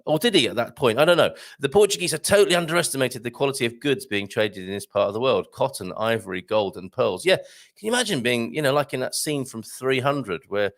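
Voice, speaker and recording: A man's voice: mid-range voice, lively intonation, fast. A man hosting a casual livestream, rambling in a jokey way and reading out viewer comments. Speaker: livestream host. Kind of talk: casual live-stream chat.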